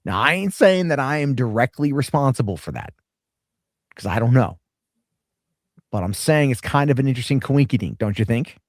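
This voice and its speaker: A man hosting a casual reaction show rambles sarcastically, swearing freely. His pitch swings widely as he talks. The sound is close and dry. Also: expressive, moderate pace, long pauses, no room sound. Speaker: reaction streamer host.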